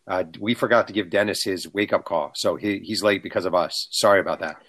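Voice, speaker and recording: A man with a somewhat low voice spins anecdotes in relaxed talk. He is an author guest, animated, and slips into the voices of the people in his stories. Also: brisk. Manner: animated, acts out quotes. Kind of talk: casual storytelling.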